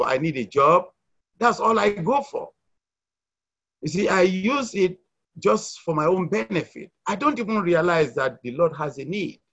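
A middle-aged man from Nigeria giving an earnest church testimony, hesitant, with fillers and restarts, rising loud and dropping soft. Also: fairly high pitch, breathy edge, highs cut off. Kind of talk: testimony sharing at a church meeting.

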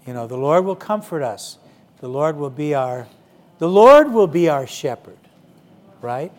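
Man, middle-aged, preacher, conversational sermon, fairly high pitch, frequent fillers. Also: very animated, measured pace, a little mellow. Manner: conversational, many "you know" fillers. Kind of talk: sermon to young people.

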